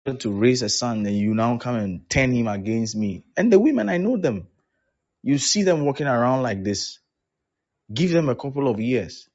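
A man's voice: mid-range voice, lively intonation, moderate pace, darkish tone, dull audio. A man preaching as a pastor, acting out both sides of the conversations he recounts. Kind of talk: sermon.

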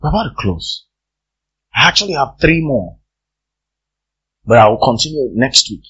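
Husky, animated male preacher. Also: mid-range voice, moderate pace, dull audio. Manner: emphatic, repeats phrases for effect. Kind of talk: sermon.

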